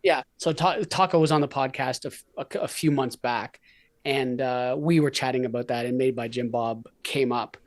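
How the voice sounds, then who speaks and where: A man's voice: medium pitch, normal speed. A man from Canada hosting a podcast, talking in a laid-back, blunt way with frequent fillers. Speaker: podcast host. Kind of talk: casual conversation.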